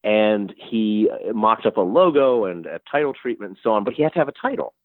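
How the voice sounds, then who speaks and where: A man talking as a guest in a conversational interview, animated and chatty with wry asides. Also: lowish voice, fairly quick, no echo, phone-quality sound. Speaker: guest, crime fiction publisher and writer.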